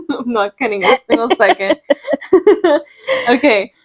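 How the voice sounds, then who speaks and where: High-voiced, playful young woman. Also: lively intonation, slow, a crowd in the background. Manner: playful, joking, laughs often. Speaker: podcast co-host. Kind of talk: casual chat.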